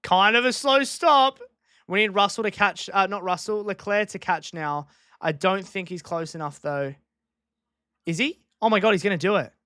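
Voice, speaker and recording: A man's voice: sits high, a bit bright, no echo, clean studio sound. Chatty man calling a race live. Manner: chatty, repeats himself, quick reactions. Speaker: live race watchalong streamer. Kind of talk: casual live commentary. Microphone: desk microphone.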